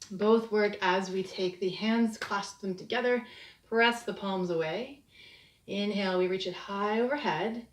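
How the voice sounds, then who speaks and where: A woman teaching a short yoga break, talking students through each move with gentle, soothing cues. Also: medium pitch. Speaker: yoga instructor. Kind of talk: guided yoga class. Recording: echoey room, distant mic.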